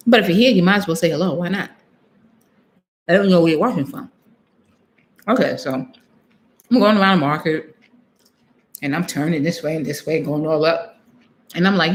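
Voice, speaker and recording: A woman's voice: lowish voice, brisk. A woman vlogger telling a travel story on a live stream, chatty, laughing often and acting out what she said, and talking straight to her viewers.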